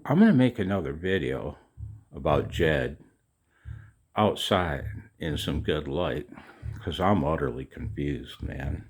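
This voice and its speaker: A middle-aged man with a very deep, low voice rambles on to his viewers in a loose, chatty monologue. He takes his time, drawing the words out slowly, and sprinkles in swearing and jokes at his own expense. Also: lively intonation, breathy edge. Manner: chatty, profane, self-mocking. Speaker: video maker.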